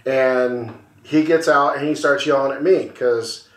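Animated, swearing storyteller man, roomy sound. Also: mid-range voice, measured pace. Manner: animated storyteller, acts out voices, swears freely. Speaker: podcast co-host. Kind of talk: casual storytelling over a beer.

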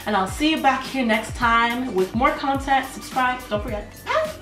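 A woman's voice: high voice, normal speed. A young woman hosting a reaction video in casual, chatty talk, full of "like" fillers. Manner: chatty, lots of "like" fillers, giggly. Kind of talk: casual chat. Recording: echoey room, mic far off, music behind.

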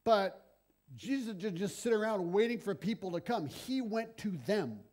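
A middle-aged man preaching a sermon in a lively, conversational storytelling manner. His voice sits high for a man but has a dark, mellow tone. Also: moderate pace.

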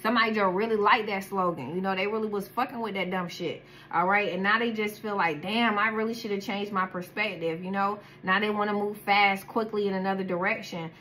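A woman's voice: medium pitch, steady tone, fairly quick, hardly any pauses, bright, forceful tone, a little hiss or hum. A woman with a daughter doing a casual tarot reading, talking bluntly with heavy slang and profanity. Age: adult, has a daughter. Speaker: tarot card reader.

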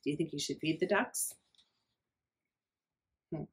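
A woman reading a picture book aloud to children at library storytime, pausing to ask the young listeners hushed questions. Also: low-pitched, low-quality recording.

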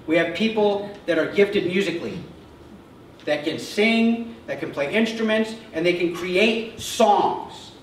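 A man with a high voice preaches to his congregation, talking plainly and checking in with a quick "okay?". He sounds set back from the mic, and the church rings with a strong echo under a faint hiss. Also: a bit bright. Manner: conversational preaching, often checks in with a short "okay?". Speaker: pastor. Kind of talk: sermon. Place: church sanctuary. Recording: echoey church sound heard from a distance with faint noise.

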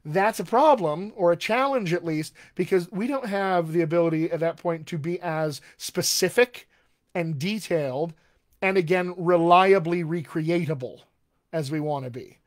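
A man teaching as a dialect coach in a live online session, emphatic and animated, often asking his audience questions. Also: on the high side, moderate pace. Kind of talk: live-streamed teaching talk.

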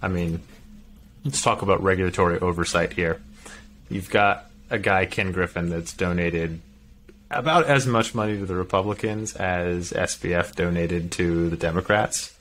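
A man with a deep, low voice co-hosting a casual podcast. He talks in an opinionated, animated way and laughs often. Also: normal speed, a little hiss or hum. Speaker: podcast co-host. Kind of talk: casual chat.

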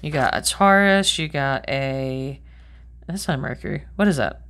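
A woman's voice: extremely low pitch, very animated, a little slow, gravelly, fairly bright tone, a little hiss or hum. A middle-aged woman giving a chatty tarot reading to camera, rambling and thinking aloud, swearing casually and speaking bluntly. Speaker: tarot reader.

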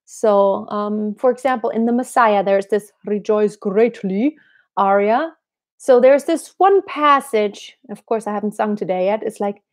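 A woman vocal coach answering viewer questions in a relaxed, explanatory way, breaking into short sung examples. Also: mid-range voice, a little slow. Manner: explanatory, demonstrates with sung snippets.

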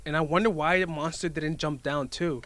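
Reaction host, man, excitable, bursts of exclamation, slightly higher voice, faint room hum. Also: moderate pace. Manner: excitable, exclaims and says "dude" a lot. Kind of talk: reaction commentary. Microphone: headphones on while reacting.

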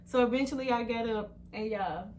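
A woman's voice: fairly high pitch, fairly quick, a little mellow, a little hiss or hum. A woman vlogging at home in a casual, chatty way, talking straight to her viewers on a phone camera.

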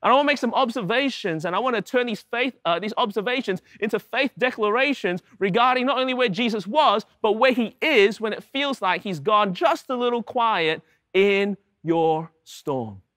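Male preacher, high and bright, builds sermons on repeated rhetorical questions. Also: expressive, normal speed, no room sound, studio quality. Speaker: pastor.

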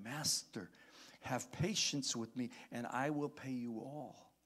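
Guy preaching to his church, reads the bible out loud all dramatic, pitch swings a lot. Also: husky. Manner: animated preaching, reading scripture aloud with dramatic emphasis; calls out to the congregation. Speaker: pastor. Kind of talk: sermon.

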